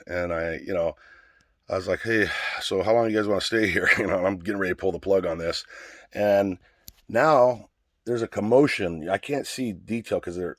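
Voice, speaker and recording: A man's voice: low-pitched, no echo, clean studio sound. A middle-aged man, out of breath, telling a story in a casual, rambling way that is full of swearing. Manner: profane, rambling, conversational.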